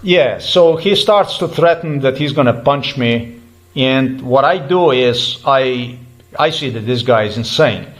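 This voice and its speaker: Over a low-quality recording, a vlogger tells an agitated story of a roadside dispute in an expressive, medium-pitched voice at an unhurried pace. He keeps restarting the same points and swears when heated.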